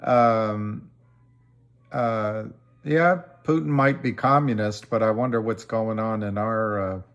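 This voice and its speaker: A man hosting a casual livestream, answering viewer comments in a slow, halting way with many ums and restarts. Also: fairly low pitch, steady tone, a bit bright, clear, resonant tone, muffled recording. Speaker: livestream host.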